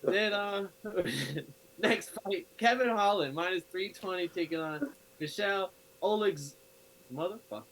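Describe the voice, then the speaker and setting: Man, podcast host, laid-back, laughing easily, slightly high pitch. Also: measured pace, fairly bright tone, rough recording. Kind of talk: casual betting chat.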